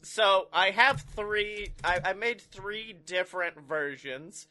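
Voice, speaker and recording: A man's voice: high-pitched, slow pace, sharp tone. A man co-hosting a podcast in casual chat, loose and profane, laughing easily. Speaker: podcast co-host.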